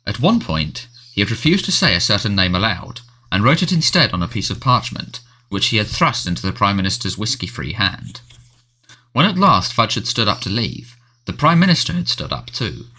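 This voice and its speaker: A man's voice: lowish voice, big pitch swings, normal speed, pushed and bright. A man narrating a novel as an audiobook, telling the story expressively. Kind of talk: scripted narration.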